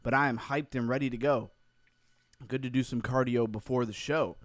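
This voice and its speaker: A man's voice: medium pitch, fairly even intonation, moderate pace. A man hosting a casual crypto livestream, upbeat and rambling, a little out of breath after cardio. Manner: upbeat, reads chat names aloud, rambling. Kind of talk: casual live-stream chat.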